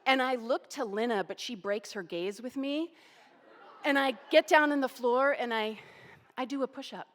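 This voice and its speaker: A woman in her forties telling a personal story, animated and self-deprecating. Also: fairly high pitch, moderate pace, in a large hall. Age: 40s.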